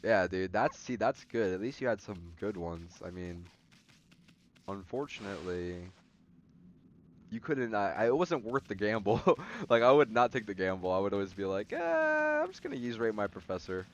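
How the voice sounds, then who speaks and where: A man's voice: fairly low pitch, moderate pace, highs cut off, a little hiss or hum. A young man streaming a game, chatting loosely and telling stories with plenty of swearing. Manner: loose, profane storytelling. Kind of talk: casual gaming chat. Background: faint game music.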